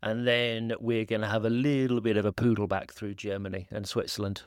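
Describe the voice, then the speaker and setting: A man's voice: lowish voice, level tone, brisk, clean tone, no room sound, studio quality. A man hosting a podcast from a laptop while on holiday, chatting casually in a rambling, self-deprecating way full of fillers. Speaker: podcast host. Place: holiday home indoors, at a laptop.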